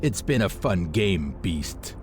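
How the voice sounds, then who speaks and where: A smug male halfling bounty hunter, put on by a man reading an audiobook, gloats in a voice dropped low beneath the narration. He talks with a scheming, self-satisfied calm. Faint music plays behind. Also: slow pace, full character voice.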